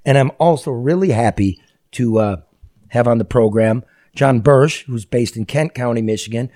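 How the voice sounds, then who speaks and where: A man hosting a talk show, chatting casually and making jokey, rambling sponsor pitches. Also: moderate pace, mellow. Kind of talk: casual talk show chat with live ad reads.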